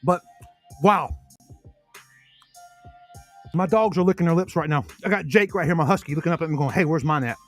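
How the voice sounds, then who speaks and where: A man's voice: fairly high pitch, rapid-fire, hardly any pauses, soft background music. A man hosting a casual podcast, reading sponsor spots in a folksy, chatty way, often correcting himself and talking while chewing food. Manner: chatty, folksy, self-correcting salesman patter.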